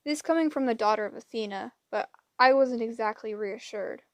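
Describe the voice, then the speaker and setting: Lively woman reading an audiobook. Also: a little high, normal speed, no room sound. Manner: lively, dramatic storytelling. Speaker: audiobook reader. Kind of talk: expressive audiobook narration.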